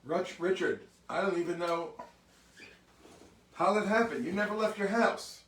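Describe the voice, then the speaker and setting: Guy on a livestream saying hi to everyone, slow easy talk, echoey room, a bit off mic. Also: high voice, fairly bright tone, distant mic, a little hiss or hum. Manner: chatty, greets viewers by name. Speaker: musician hosting a livestream. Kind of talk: casual livestream greetings. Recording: roomy sound from off mic.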